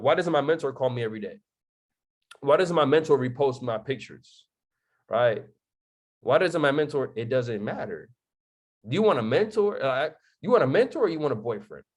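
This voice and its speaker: A man's voice: medium pitch, breathy edge. Emphatic young man preaching to a live chat. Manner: emphatic, rhetorical questions, repeats lines, frequent "right?". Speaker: live stream motivational speaker. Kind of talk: motivational live stream talk to a chat.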